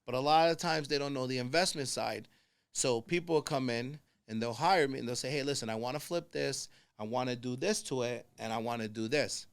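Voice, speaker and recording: New man, podcast guest; smooth, mid-pitched voice, lively storyteller who slips into the voices of the people he quotes. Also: a little fast. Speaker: podcast guest, construction consultant. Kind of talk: casual conversation.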